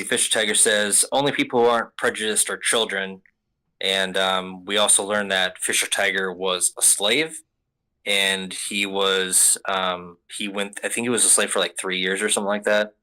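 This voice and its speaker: A man's voice: low voice, little pitch movement, measured pace, bright, forceful tone, rough recording. Rambling, casual young man recapping. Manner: rambling, casual, profane, many fillers. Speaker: podcast host.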